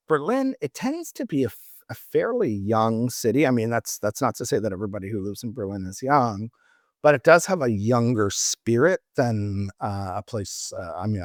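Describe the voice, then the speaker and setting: A man's voice: medium pitch, dry recording, clean studio sound. A middle-aged man on a travel podcast, telling rambling anecdotes in casual chat with many restarts.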